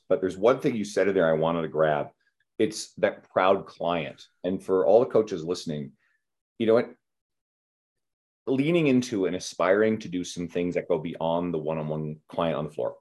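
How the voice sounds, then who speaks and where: A man's voice: deep voice, darkish tone. A man hosting a podcast for coaches, talking in a casual, rambling way with light swearing. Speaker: podcast host, fitness coach.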